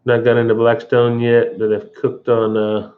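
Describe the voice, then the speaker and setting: A man's voice: medium pitch, completely flat delivery, moderate pace, phone-quality sound. A man hosting a casual live stream, rambling and folksy with frequent chuckles. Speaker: outdoor channel host.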